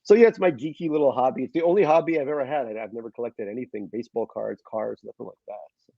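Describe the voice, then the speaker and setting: A man's voice: mid-range voice, quick pace, creaky, no echo. A middle-aged man from Russia with a slight Queens accent, an author chatting in an interview in a self-deprecating way with many fillers. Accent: slight Queens New York. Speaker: author guest. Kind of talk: conversational interview. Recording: dull lo-fi sound.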